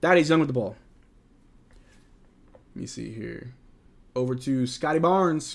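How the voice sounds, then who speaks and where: A man hosting a live basketball watch-along, calling plays with excitement and chatting casually about the team. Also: medium pitch, unhurried, creaky, long pauses. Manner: casual, excitable play-by-play mixed with candid fan opinions. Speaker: fan livestream host.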